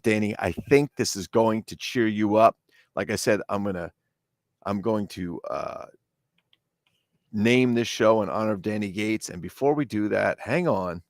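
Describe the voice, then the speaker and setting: A man hosting a casual toy unboxing vlog, talking in a rambling, chatty way with excitable asides. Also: on the low side, creaky, no echo, studio quality. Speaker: collectibles unboxing host. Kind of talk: casual chat.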